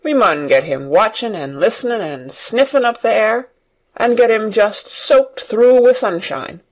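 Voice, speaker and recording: In an audiobook reading for learners, a reader voices a cheerful, nature-loving Yorkshire farm boy with an eager mood. The delivery uses a broad country dialect, with a mid-range voice, lively intonation, and normal speed.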